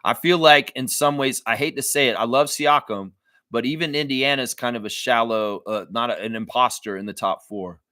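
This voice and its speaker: Here a man with a mid-range voice, speaking at a normal pace, hosts a relaxed live stream reacting to basketball as a sports fan. He chats loosely and animatedly, swearing a lot and mimicking what others said, on a dry recording.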